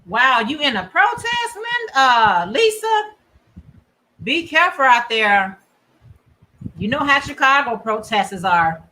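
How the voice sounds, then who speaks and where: Bright-voiced woman hosting a chatty livestream. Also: high-pitched, very animated, slow, long pauses, rough recording. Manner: chatty, reads viewer comments aloud, encouraging. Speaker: crochet livestream host. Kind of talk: casual chat with live viewers.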